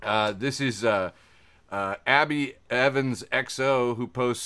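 A man's voice: medium pitch, takes it slowly, clear, resonant tone. A man co-hosting a casual chat, reading posts aloud and joking. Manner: joking, lively. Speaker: podcast co-host.

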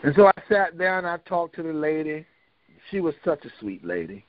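A man's voice: fairly high pitch, very animated, moderate pace, no echo. An older man telling a story in a casual, folksy, joking way. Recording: dull, lo-fi dry recording.

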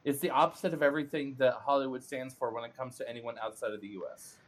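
Animated man chatting on a podcast. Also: mid-range voice, fast. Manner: animated, playful, teasing. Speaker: podcast co-host. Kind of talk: casual panel chat.

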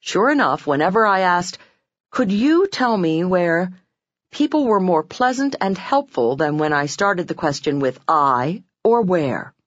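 A woman reading self-help narration from a script, expressive and acting out quoted lines with sudden pitch jumps. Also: normal speed, hardly any pauses, no room sound, lo-fi sound. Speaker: audiobook narrator.

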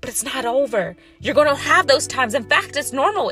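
A woman's voice: high-pitched, animated, moderate pace, bright, forceful tone, faint music behind. A woman giving a fired-up motivational monologue about weight loss, calling her listeners y'all.

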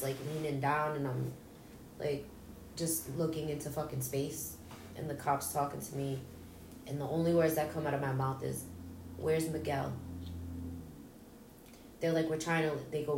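A woman's voice: low-pitched, noisy background. A woman, an interview guest, telling an emotional personal story bluntly, swearing and acting out what people said. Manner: raw, blunt, swears, acts out dialogue. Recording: roomy echo, distant mic, faint ambience.

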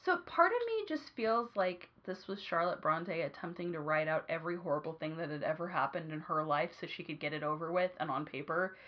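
A woman co-hosting a podcast in casual chat, telling animated stories and acting out quotes. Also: sits low, a little fast, hardly any pauses, lo-fi sound. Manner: animated storyteller, acts out quotes. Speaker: podcast co-host.

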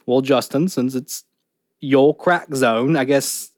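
A man's voice: mid-range voice, slow pace, darkish tone, dry recording, clean studio sound. A man co-hosting a podcast, rating a beer in jokey casual banter with frequent laughs and restarts. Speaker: podcast co-host rating beers.

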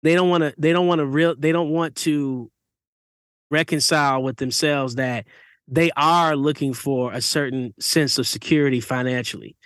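A man's voice: on the high side, fairly even intonation, normal speed, a bit bright, no echo, clean studio sound. A man in casual conversation, talking things through in a reflective way with many fillers. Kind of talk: casual chat.

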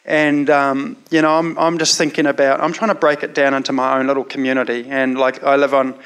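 A man's voice: medium pitch, flat delivery, fairly quick, a bit bright, smooth. A man with a New Zealand accent telling a personal story in a casual, rambling way, full of "you know" fillers.

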